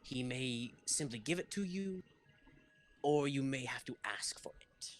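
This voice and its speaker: Man, game master, measured formal delivery, mid-pitched voice. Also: animated, slight background noise. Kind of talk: narrating a tabletop game.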